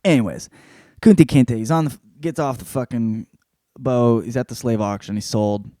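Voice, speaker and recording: A man hosting a podcast, rambling through a casual book review with constant swearing and animated storytelling. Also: mid-range voice, normal speed, no echo, clean studio sound. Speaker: podcast host.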